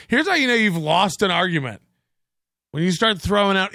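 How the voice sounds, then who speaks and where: A man's voice: high voice, animated, normal speed, pushed and bright, dry recording, studio quality. Sarcastic, foul-mouthed male livestream host. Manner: sarcastic, profane, rambling; thanks viewers for donations. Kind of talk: casual solo livestream rant.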